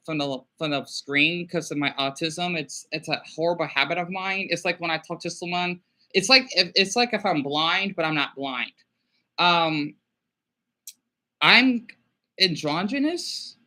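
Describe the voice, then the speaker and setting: A man's voice: fairly high pitch, sharp tone. A man chatting casually on a video call through a laptop mic, rambling, with many restarts and trailing thoughts. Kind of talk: casual chat. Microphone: laptop microphone.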